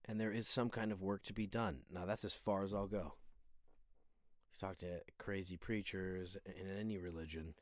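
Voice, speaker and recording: A man's voice: sits low, fairly even intonation, moderate pace. A man hosting a training session, speaking in an earnest, musing and humble way. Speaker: fitness video host. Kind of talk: reflective spoken monologue.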